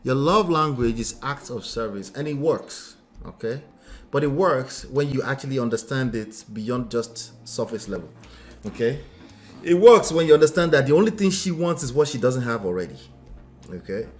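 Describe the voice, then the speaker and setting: A man co-hosts a marriage talk in a casual, back-and-forth way, often interrupting his partner. His pitch moves a lot, rising and falling as he makes a point. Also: normal speed. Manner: animated, interrupts with repeated "wait". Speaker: marriage coach co-host. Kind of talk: casual couple's livestream talk.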